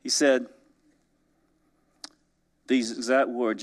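Low-voiced preacher telling stories. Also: male voice, a little slow. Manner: conversational, swinging between emphatic rises and soft, hushed drops; chuckles through his stories. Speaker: pastor. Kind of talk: storytelling sermon.

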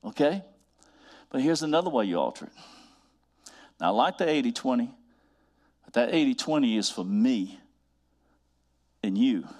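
A man preaching a sermon, building to emphatic repeated refrains and drawing out scripture quotes slowly. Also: medium pitch, very animated, a little mellow. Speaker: pastor.

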